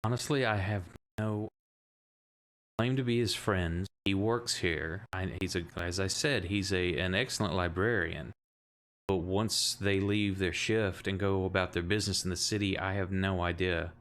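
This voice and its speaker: A man's voice: low-pitched, fairly even intonation, moderate pace, a bit bright. A man playing an aloof, curt librarian. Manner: curt and condescending. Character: aloof, dismissive male librarian.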